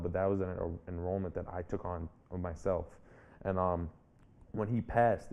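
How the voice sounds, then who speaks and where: A young man in his twenties speaks as an interview guest, earnest and reflective, often restarting his phrases. His voice sits very low with a gravelly, mellow tone and a fairly flat delivery. The recording sounds slightly muffled. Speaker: guest, public speaker and author. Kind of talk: personal storytelling in an interview.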